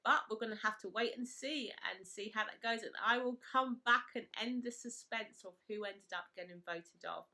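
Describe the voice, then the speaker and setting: A woman chatting to camera, recapping a reality show and retelling it with animated quotes. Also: normal speed, few pauses. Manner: animated retelling, voices quotes in a high excited pitch. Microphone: camera mic, speaking to camera.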